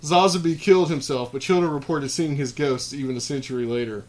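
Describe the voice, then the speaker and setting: A man's voice: fairly high pitch, fairly even intonation, a little fast. A man hosting a podcast, reading out a list of creepy clown stories and then chatting loosely with many fillers. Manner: reads list items, then rambles with fillers and restarts. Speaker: podcast host.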